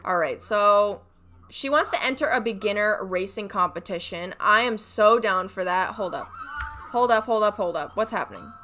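A young woman casually commenting on her life-sim game, chatty and excitable, talking to her characters as she plays. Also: mid-range voice, moderate pace, a little hiss or hum. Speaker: let's play gamer.

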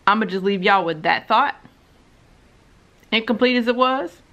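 A woman's voice: mid-range voice, normal speed, fairly bright tone, highs cut off. A woman vlogging about books, ranting bluntly and profanely to her camera at home. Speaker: book vlogger. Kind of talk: ranting commentary vlog. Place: home recording.

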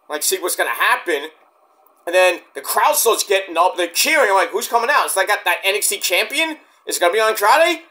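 A man's voice: sits high, pushed and bright. A man casually reviewing a wrestling show in a rambling, filler-heavy way, saying he is dead tired.

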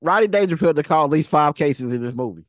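A man's voice: fairly high pitch, lively intonation, fast. A man giving casual, slangy commentary while reacting to a movie, laughing often.

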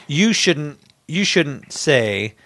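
A man's voice: a little high, sing-song, drawn-out words, pushed and bright, no echo. A man co-hosting a podcast, chatting casually and rambling with hesitations. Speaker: podcast co-host.

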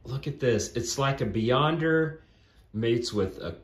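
Slow-talking man in an echoey room. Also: mid-range voice. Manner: slips into hushed whispers of awe. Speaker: vlogger unboxing a gift. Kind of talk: excited unboxing chat.

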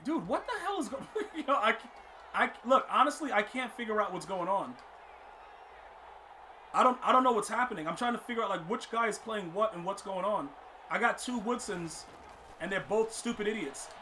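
A man streaming a football video game, commenting live and talking to his chat, often exasperated and breaking into loud outbursts. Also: high voice, normal speed, a little hiss or hum. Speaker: gaming streamer.

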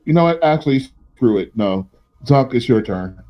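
A man running an online tabletop game as game master, making relaxed, joking rulings. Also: mid-range voice, moderate pace, muffled recording.

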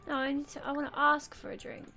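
A woman's voice: high-pitched, monotone, fast, bright, forceful tone, faint music behind. A young woman giving casual gameplay commentary, chatty and swearing freely as she talks back at the game's characters. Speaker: gameplay video host.

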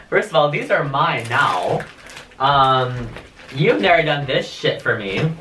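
A man's voice: a little high, lively intonation, takes it slowly, fairly bright tone. A young man vlogging casually in his bedroom, rambling and swearing with lots of fillers, caught on a hidden camera. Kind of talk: casual vlog talk. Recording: echoey room, far from mic, faint hiss.

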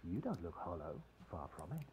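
A man's voice: low voice, big pitch swings, moderate pace, a little mellow, slightly rough, exaggerated voice. An actor voicing an earnest, friendly male knight in a video game who speaks in a grand, formal way. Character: cheerful earnest male knight, sun-worshipping warrior. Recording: slightly dull game audio, faint hiss.

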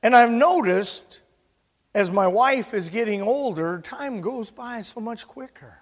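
A man in his sixties, a pastor preaching an emphatic sermon that swings from loud to soft. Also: very high-pitched, animated, a little slow. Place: church sanctuary. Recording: long church reverb.

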